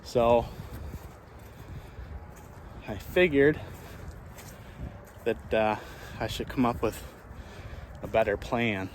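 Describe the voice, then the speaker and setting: A man's voice: mid-range voice, very slow, long pauses, a little hiss or hum. A man who runs a small farm and hosts his own channel. He talks casually, thinking aloud with many restarts, while walking outdoors across his pasture. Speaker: small farmer and channel host.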